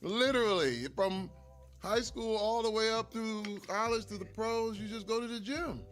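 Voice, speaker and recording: A middle-aged man, a retired football player and guest, telling stories over a meal in an animated way, laughing often. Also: sits high, normal speed. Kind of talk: casual storytelling over a meal.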